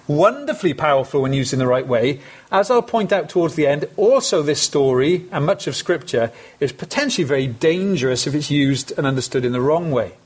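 Male preacher, slightly raised pitch, husky tone, earnest and conversational with emphatic asides. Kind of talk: sermon.

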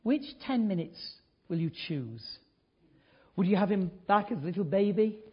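An older man preaching a sermon, telling a story earnestly, dropping to hushed tones and rising to emphatic points. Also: high voice, animated, normal speed, breathy edge, muffled recording.

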